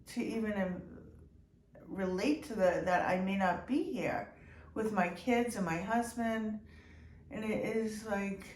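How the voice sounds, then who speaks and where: A woman hosting her own video diary, speaking in an emotional, halting way with many restarts and fillers. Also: medium pitch. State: tearful at times. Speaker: channel host. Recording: echoey room, somewhat far from the mic, faint background noise.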